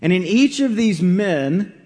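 A man preaching a sermon, conversational and unhurried, with fillers and restarts. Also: high voice, expressive, a little mellow, big-room sound.

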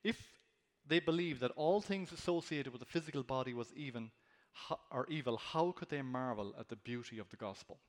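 A man's voice: mid-range voice, a little fast, long reverb tail. A man preaching an expository sermon, earnest and emphatic, lifting his voice on key words.

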